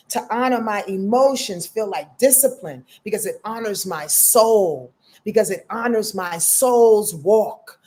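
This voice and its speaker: This astrology host is a woman in her fifties with a medium-pitched voice. Her casual forecast is peppered with slang and profanity, she refers to her audience as "y'all," and she alternates between shouting and murmuring softly.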